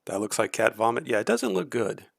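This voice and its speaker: A man's voice: mid-range voice, very animated, fairly quick, creaky, heavy background noise. A man streaming casual reaction commentary, blunt and critical, swearing freely.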